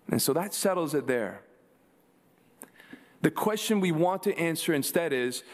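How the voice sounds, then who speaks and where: A man preaching a sermon, asking his congregation rhetorical questions and answering them with emphasis. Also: sits high. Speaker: pastor.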